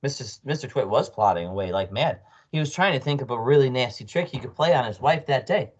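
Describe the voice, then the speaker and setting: A man reading a children's book aloud as storyteller, expressive with small slips. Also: medium pitch, a little fast, slightly rough, dull audio. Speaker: storyteller, read-aloud narrator.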